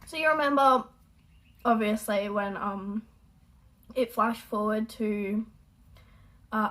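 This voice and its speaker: Chatty young woman, slightly high voice. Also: fairly bright tone, rough recording. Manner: chatty, rambling, apologetic. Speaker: reaction video host. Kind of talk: casual chat. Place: at home, indoors.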